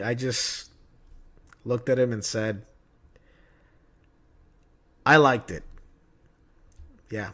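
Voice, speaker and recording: A man vlogging casually about movie news, chatty and opinionated, telling stories from his day. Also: medium pitch. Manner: chatty, opinionated, tells anecdotes.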